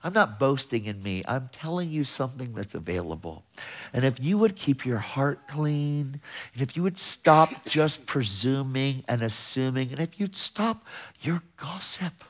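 A man's voice: mid-range voice, very animated, a little slow. Fervent male preacher. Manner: passionate, emphatic, rhetorical questions. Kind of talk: sermon.

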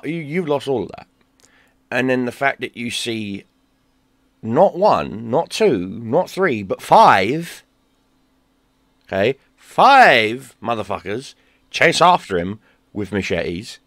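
A man ranting in a heated, profane monologue, dropping to a mutter and then bursting out loud. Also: vocal fry, no echo, studio quality. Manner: heated and profane, swings between low mutter and loud outbursts. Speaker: gaming YouTuber.

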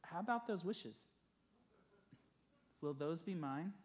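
A man voicing a greedy, short-tempered rich man, loud and demanding. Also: fairly high pitch, animated, takes it slowly, voice pushed up. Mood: eager.

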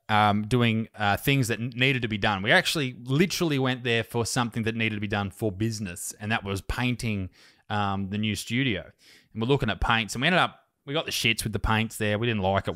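Australian male podcast host, sweary animated storyteller, dry close sound. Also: dry recording. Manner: swearing, animated storytelling, rising pitch when riled. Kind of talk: casual podcast chat.

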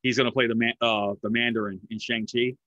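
An American podcast host in his forties, a chatty film buff who laughs easily, keeps a casual interview chat going. His mid-range voice is fast, flat in delivery, bright and forceful. There's no echo, but the recording sounds dry, dull and lo-fi.

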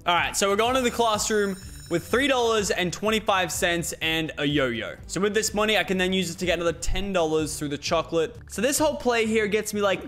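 A man's voice: sits high, expressive, a little fast, a bit bright, a little hiss or hum. A young man giving casual let's-play commentary, swearing often and talking through his plans aloud. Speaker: gaming YouTuber.

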